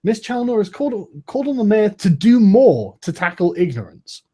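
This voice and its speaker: A man's voice: high voice, very animated, moderate pace, mellow, breathy edge. A man in casual, profane podcast chat, laughing often and mocking with sarcastic put-on quotes.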